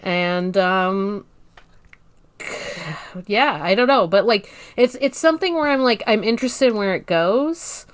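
A woman in a casual podcast chat muses over her reactions, pausing and hedging as she gathers her thoughts. Her voice sits at an ordinary pitch and comes across dry and close, with no room echo. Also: expressive, clean tone. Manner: musing, hesitant, laughs easily. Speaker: podcast co-host.

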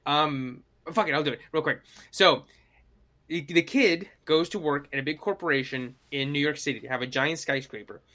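A young man in casual chat, telling stories in an animated way and acting out the quotes. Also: on the high side, moderate pace. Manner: animated storytelling, acts out quotes.

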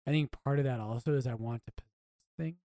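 Co-hosting a podcast, this priest talks in an earnest, reflective way and frequently starts his phrases over. He speaks at a quick pace in a mellow, medium-pitched voice, with no room sound.

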